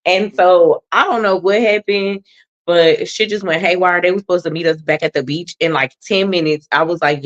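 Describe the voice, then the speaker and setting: A woman's voice: on the low side, expressive, normal speed, fairly bright tone, highs cut off. A woman co-hosting a casual talk show, telling a blunt, profane story about her son with lots of swearing. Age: adult mother of a son. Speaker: podcast co-host.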